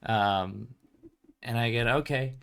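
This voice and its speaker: A man in casual livestream chat with an ordinary mid-range pitch. He rambles loosely, leaning on "um" and "like" and breaking into laughs between thoughts. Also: unhurried, fairly bright tone. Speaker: tabletop game publisher and show host.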